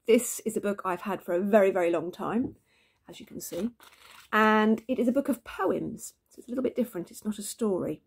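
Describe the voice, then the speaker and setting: A woman teacher reading a book of poems aloud to her class in lively, expressive storytelling. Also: fairly low pitch, husky. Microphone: phone camera.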